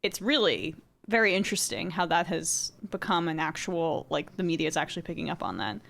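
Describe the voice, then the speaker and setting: A woman guest on a political talk show, offering quick, wry commentary. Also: low voice, expressive, gravelly, a bit bright. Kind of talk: casual political chat.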